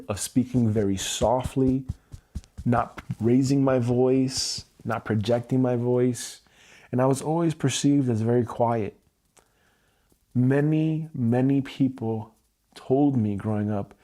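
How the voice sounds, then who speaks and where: A man hosting a tapping livestream, speaking slowly and candidly about his past feelings in a personal, reflective way. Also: mid-range voice, mellow. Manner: slow, candid, searching self-reflection. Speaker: EFT tapping livestream host. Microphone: livestream mic.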